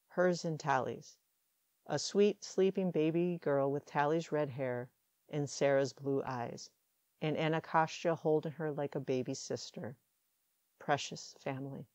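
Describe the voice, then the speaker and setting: A woman reading fan fiction aloud as an audiobook, calm and measured. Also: sits low, dry recording, lo-fi sound. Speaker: audiobook reader.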